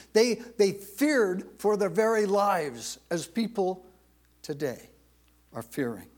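A man preaching a sermon, reading scripture aloud and repeating phrases for emphasis. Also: sits high. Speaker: pastor.

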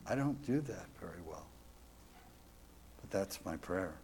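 A man's voice: sits low, lively intonation, unhurried, creaky, darkish tone, a little hiss or hum. A man telling a devotional story as a sermon, earnest and reflective, ending with questions to his listeners. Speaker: preacher.

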